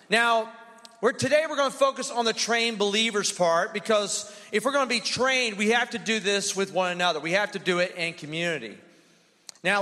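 A high-voiced male pastor delivers an energetic sermon, calling out to his congregation and getting them to repeat lines back. His tone is bright and forceful. The sound rings with a long hall reverb. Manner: energetic, call-and-response with congregation. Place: church sanctuary.

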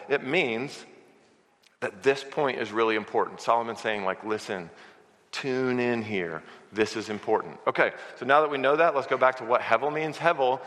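Animated male preacher in a reverberant hall. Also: medium pitch. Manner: animated, conversational teaching with humor. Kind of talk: sermon.

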